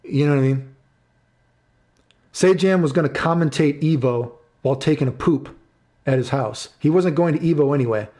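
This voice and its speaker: A man's voice: fairly high pitch, normal speed, pauses often, mellow. A man in his thirties streaming live, ranting angrily and swearing, repeating himself and answering chat. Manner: angry, profane, repeats himself.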